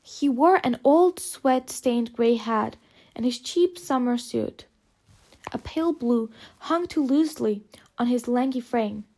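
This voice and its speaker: A woman reading an audiobook aloud, narrating in measured, phrase-by-phrase delivery. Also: on the high side, a little mellow. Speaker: audiobook reader. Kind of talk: scripted narration.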